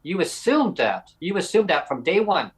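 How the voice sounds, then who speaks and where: A man's voice: high voice, very animated, moderate pace, poor audio. A man co-hosting a podcast, talking combatively and directly to a critic he calls "bud". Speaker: podcast co-host. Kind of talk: podcast discussion.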